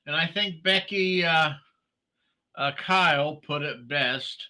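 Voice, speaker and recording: A man hosts a casual morning livestream and rambles through his chat, greeting commenters by name. He talks slowly, with lots of pauses and fillers. His voice sits a little high and has a bright, forceful edge. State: sleepy, yawning. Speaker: livestream host.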